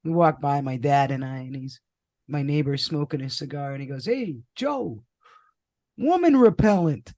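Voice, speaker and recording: A woman's voice: very deep voice, little pitch movement, fairly quick, darkish tone. A woman hosting a casual interview podcast, chatty and playful, laughing often. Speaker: podcast host.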